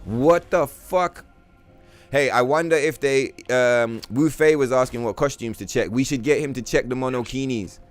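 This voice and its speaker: A man streaming a game and chatting casually, rambling and animated, swearing freely and using slang. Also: medium pitch, moderate pace, hardly any pauses, soft background music. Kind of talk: casual livestream chat while gaming.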